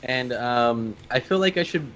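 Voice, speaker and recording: A man's voice: medium pitch, animated, unhurried, fairly bright tone, a little hiss or hum. A man playing a tabletop game, talking hesitantly with many ums and restarts. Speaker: player. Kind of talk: tabletop game role-play.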